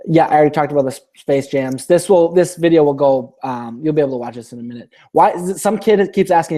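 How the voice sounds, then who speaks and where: A man's voice: mid-range voice, mellow. A man hosting a casual live-stream Q&A, reading viewer questions aloud and rambling through his answers with many restarts.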